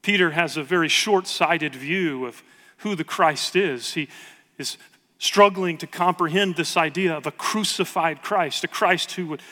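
A man's voice: fairly high pitch, measured pace, bright, forceful tone, big-room sound. A man preaching a sermon with earnest emphasis, reading scripture aloud to his congregation. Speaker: pastor.

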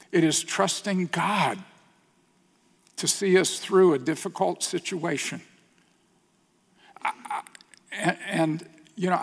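A middle-aged male pastor delivers a sermon at a very unhurried pace, with a somewhat high voice. His earnest storytelling often sinks to a soft, hushed tone. Long reverb from the hall trails behind his words. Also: creaky.

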